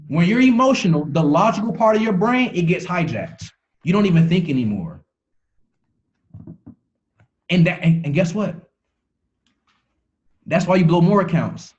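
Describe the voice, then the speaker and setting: A man's voice: high-pitched, big pitch swings, moderate pace, long pauses, a little mellow, lo-fi sound, a little hiss or hum. A man giving a motivational talk on a call, preachy, repeating phrases for emphasis and restarting words as he goes. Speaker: motivational speaker.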